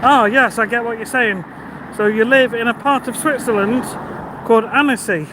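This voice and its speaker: A man's voice: extremely high pitch, normal speed. A man, chatting on a live stream while walking outdoors and reading out viewer comments. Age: 50s. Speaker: vlogger. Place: outdoors by a busy road in the evening. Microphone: phone held while walking. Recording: outdoor phone recording with traffic noise.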